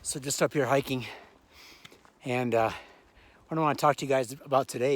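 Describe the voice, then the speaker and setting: A man's voice: mid-range voice, moderate pace, long pauses. A man hosting a casual, upbeat vlog outdoors on a mountain trail while hiking, slightly out of breath, chatty and motivational. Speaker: vlog host.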